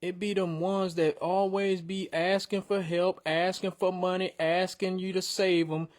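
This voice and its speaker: A man critiques submitted rap verses in a casual, slang-heavy way. His voice sits a bit high for a man, and he gets animated and blunt when he coaches. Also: measured pace. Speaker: host reviewing song submissions.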